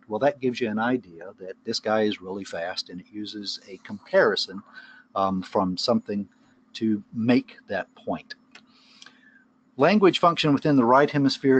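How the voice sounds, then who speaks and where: A man's voice: medium pitch, muffled recording. Man giving a conversational webinar lecture. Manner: conversational, wanders into asides and analogies. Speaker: webinar presenter on brain rehabilitation. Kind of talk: explanatory lecture.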